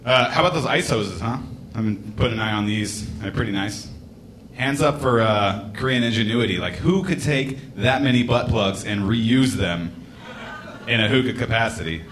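A man's voice: fairly low pitch, normal speed, fairly bright tone, a little hiss or hum. A man in his late twenties doing a rambling, laid-back stand-up set in a comedy club, with casual swearing. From United States. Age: late 20s.

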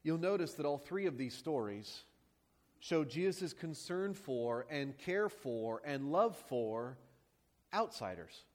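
A man's voice: on the high side, lively intonation, takes it slowly. A man preaching a sermon as a pastor, praying and then teaching with rhetorical questions and emphatic repetition.

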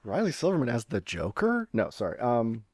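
A man running a tabletop game as game master, playful and quick to joke. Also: medium pitch, huge pitch swings, darkish tone, no echo, clean studio sound.

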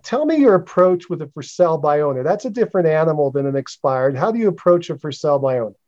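A man hosts an interview and asks his questions in an easygoing way, sometimes starting hesitantly. His voice sits fairly high. The recording sounds slightly dull and lo-fi. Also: lively intonation, fast, darkish tone. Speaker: podcast host interviewer.

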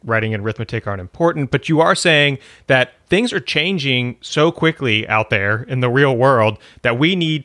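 Bright-voiced man hosting a podcast. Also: mid-range voice, dry recording, studio quality. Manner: hesitant restarts, summarizing the guest's points. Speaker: podcast host. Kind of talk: interview questions.

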